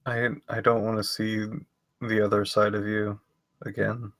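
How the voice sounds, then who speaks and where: A man's voice: fairly low pitch, little pitch movement, measured pace, fairly bright tone, no echo. A man voicing an earnest, hesitant young man who stumbles over his words.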